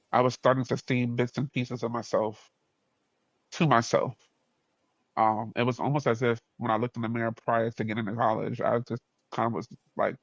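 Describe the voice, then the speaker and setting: A man with a New York accent, a podcast guest telling a story in a slangy, animated way with frequent laughs. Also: mid-range voice, gravelly, breathy edge, no room sound, lo-fi sound.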